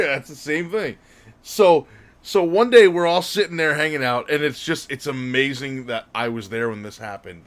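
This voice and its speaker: This podcast co-host speaks in a fairly bright, expressive voice on the higher side, at a moderate pace. He rambles through a casual story, often correcting himself and laughing along the way.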